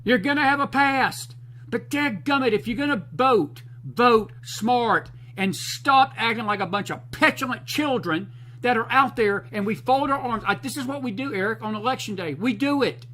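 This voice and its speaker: A man's voice: extremely high pitch, moderate pace, sharp tone, rough recording. A man hosting a talk show, delivering fired-up political commentary in a folksy, preachy, emphatic way.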